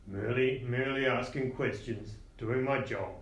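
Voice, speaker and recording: A man voicing a smug, menacing male mercenary who makes calm, clipped threats. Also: mid-range voice, moderate pace, natural voice. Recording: roomy echo.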